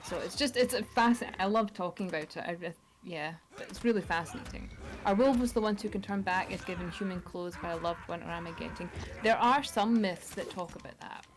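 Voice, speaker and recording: A woman from Scotland with a Scottish accent softened by American, chatting enthusiastically as a guest author. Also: fairly low pitch, fairly quick, background noise. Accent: Scottish, with American mix. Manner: enthusiastic, rambling. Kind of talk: casual chat.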